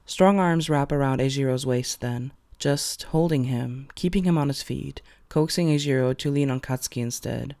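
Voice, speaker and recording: A man narrating fan fiction aloud in an expressive storytelling way. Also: medium pitch, normal speed, gravelly, hardly any pauses.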